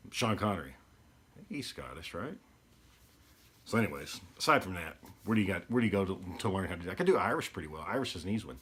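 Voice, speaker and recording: A man's voice: low-pitched, fairly bright tone, a little hiss or hum. A man, hosting his podcast in a rambling, easygoing casual talk. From East Texas. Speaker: podcast host.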